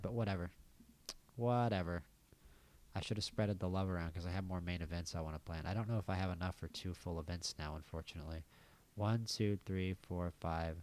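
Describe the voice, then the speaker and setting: American man, low voice, casual gameplay commentary, thinking aloud, wry asides. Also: a little mellow. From United States. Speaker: gaming channel host.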